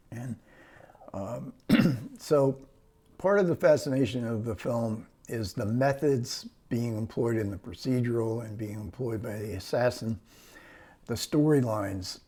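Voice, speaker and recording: A man's voice: medium pitch, mellow, breathy edge. A man giving a casual spoken film review, rambling and hesitant, with many fillers, restarts and small chuckles. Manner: chuckles between phrases.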